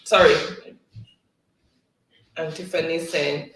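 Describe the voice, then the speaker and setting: A man's voice: on the high side, fairly even intonation, measured pace, creaky, pauses often, fairly bright tone, a little hiss or hum. A man hosting a casual livestream, reading viewer comments aloud and laughing often between them. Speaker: livestream host. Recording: roomy, distant from the mic.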